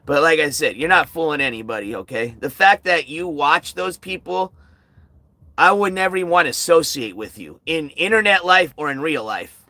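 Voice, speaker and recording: A man's voice: fairly high pitch, animated, normal speed, pushed and bright, no room sound. A tired man hosting a casual outdoor livestream at night, talking bluntly and sarcastically to his chat. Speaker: livestream host.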